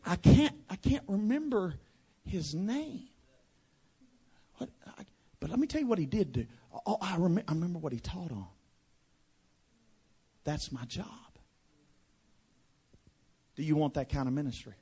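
A pastor from West Monroe, Louisiana, with a Southern accent, preaching a fiery sermon to a congregation. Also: male voice, a little high, animated, fairly quick, husky, lo-fi sound. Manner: fiery preaching, swinging from hushed to shouted.

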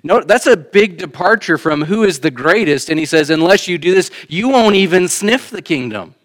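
A man's voice: high-pitched, animated, normal speed. Man preaching a conversational sermon. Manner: conversational preaching, rising emphatic then quiet asides. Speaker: pastor. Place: church sanctuary.

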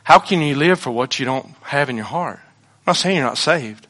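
A man preaching a sermon as pastor, animated, acting out quoted voices and swinging between loud outbursts and quiet asides. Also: medium pitch, normal speed.

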